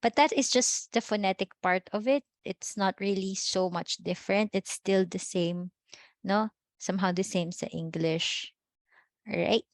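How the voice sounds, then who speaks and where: A woman's voice: medium pitch, a little slow, no echo. Filipino woman teacher, dry close sound. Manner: switches between English and Filipino, checks in with "okay?" and "no?". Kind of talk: online class lecture.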